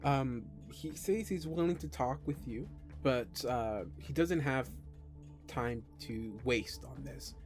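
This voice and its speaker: A man narrating a tabletop game as game master, halting with many fillers and restarts. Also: mid-range voice, darkish tone, soft background music.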